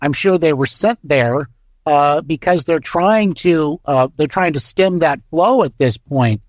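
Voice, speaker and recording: A man's voice: fairly high pitch, measured pace, no echo. An American man co-hosting political talk radio, casual and folksy with many fillers. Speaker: radio co-host.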